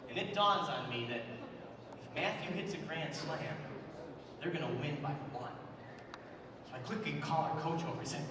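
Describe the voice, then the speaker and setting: A man's voice: a little high, lively intonation, a little fast, pauses often, reverberant, in a large hall, a little hiss or hum. A man giving a motivational storytelling speech, dramatically acting out the people in his story. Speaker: motivational speaker.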